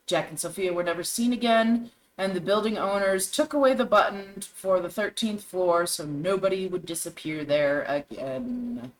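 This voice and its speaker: A woman's voice: medium pitch, moderate pace, hardly any pauses, rough recording. A woman co-hosting a talk show, reading scary stories aloud with dramatic storytelling and shifting voices for the characters. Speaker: co-host.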